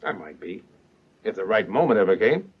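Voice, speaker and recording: Rhett Butler, wry and teasing. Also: male voice, lowish voice, big pitch swings, moderate pace, breathy edge. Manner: wry, mocking, self-assured. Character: cynical, teasing Southern gentleman. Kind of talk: 1930s film acting. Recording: dull old film soundtrack.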